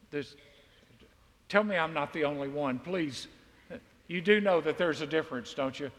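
A man's voice: fairly high pitch, a bit bright. A man from Mississippi, preaching a sermon in a folksy, joking, conversational way. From Mississippi, USA. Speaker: pastor. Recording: long reverb of a large hall.

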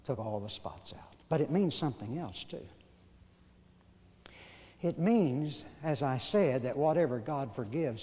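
Folksy man preaching in a big hall. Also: medium pitch. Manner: folksy storytelling, rhetorical questions, gentle humor. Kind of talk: sermon. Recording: dull recording with long hall reverb.

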